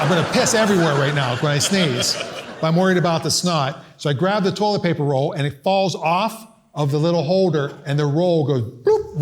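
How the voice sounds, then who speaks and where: A man performing stand-up comedy, telling animated stories and acting out voices and squawks. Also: a little high. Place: live comedy venue with audience. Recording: live stage recording, audience noise.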